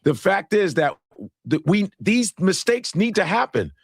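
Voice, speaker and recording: A man's voice: sits high, sing-song, unhurried, gravelly, no echo, studio quality. A man from Chicago hosting a podcast, talking defensively, swearing and talking over others. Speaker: podcast host. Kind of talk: podcast talk.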